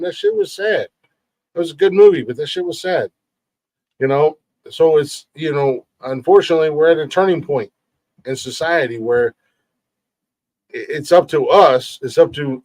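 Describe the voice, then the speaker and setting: Pitched fairly high and a little mellow, with no room sound, a middle-aged man hosts a podcast in casual conversation. His delivery is earnest and emphatic, full of swearing and frequent stumbles on repeated words.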